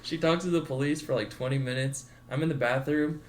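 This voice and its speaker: A man's voice: medium pitch, fairly even intonation, brisk. Young man telling a wild story. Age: 20s. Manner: laid-back, acts out quotes with swearing and laughter. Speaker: podcast co-host. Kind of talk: casual storytelling.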